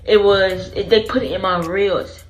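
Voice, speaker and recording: A woman's voice: mid-range voice, steady tone, a little slow, soft background music, poor audio. A woman vlogger telling her own story in an earnest, emotional way, going back over phrases as she remembers. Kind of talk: personal storytelling to camera.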